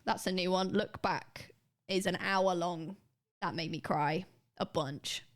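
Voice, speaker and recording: A woman's voice: on the low side, steady tone. Chatty young woman streamer. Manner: rambling, restarts sentences, quick laughs. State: slightly sore throat. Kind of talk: casual chat with viewers.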